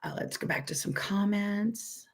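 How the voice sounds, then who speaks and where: A woman with a weak, hoarse voice from a recent illness gives a friendly, self-deprecating live software tutorial and repeats each step slowly. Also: medium pitch, whispered. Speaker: software instructor.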